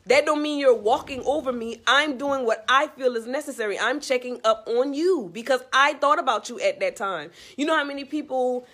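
A woman's voice: sits high, fairly bright tone. A woman speaks in a loose, heartfelt monologue, offering life advice. She is earnest and a little preachy, circling back to the same phrases to drive her points home. Her tone is casual and direct, as if talking to a friend. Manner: earnest, repetitive, preachy, talks straight to the listener. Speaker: vlogger giving life advice.

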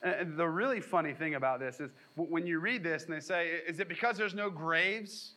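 Bright, high-voiced joking preacher man. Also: brisk, poor audio. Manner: jokey, conversational preaching with sarcastic acted quotes. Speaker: pastor. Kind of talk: sermon.

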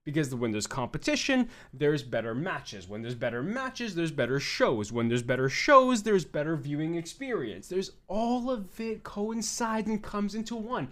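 Profane, animated man ranting on a podcast. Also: fairly high pitch, normal speed, hardly any pauses. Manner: blunt and profane, mocking fans in quoted voices. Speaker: podcast host. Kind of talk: opinionated podcast rant.

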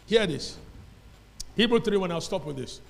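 A Nigerian pastor delivers a fiery sermon in a high, ringing voice. He hammers his points with repetition and slips into pidgin now and then. The sound carries a long reverb from a church hall. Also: expressive, normal speed, gravelly. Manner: emphatic preacher, repeats phrases, dips into pidgin.

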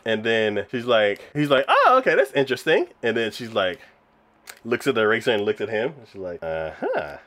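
A man's voice: fairly low pitch, a little fast, fairly bright tone. A man casually recapping a show's scenes, with many fillers and frequent laughter. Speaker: podcast co-host reviewing anime. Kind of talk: casual chat.

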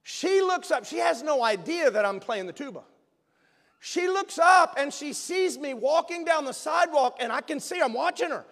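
A male pastor telling a personal story in a sermon, animated and emphatic, sometimes bursting into a shout. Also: very high voice, moderate pace, gravelly. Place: church sanctuary. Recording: long reverb of a large hall.

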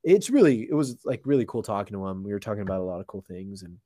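A man's voice: fairly low pitch, lively intonation, quick pace, warm tone, dry recording, clean studio sound. Slangy young man telling a story. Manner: slangy, lots of "like" and restarts. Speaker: podcast guest. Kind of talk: casual storytelling.

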